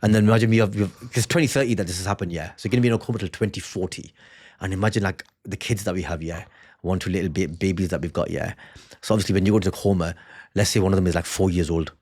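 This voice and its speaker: A man's voice: low-pitched, racing. A man from England, a comedian co-hosting a podcast and telling stories with voices. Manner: animated storytelling, acts out voices. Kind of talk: comic banter. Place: family home.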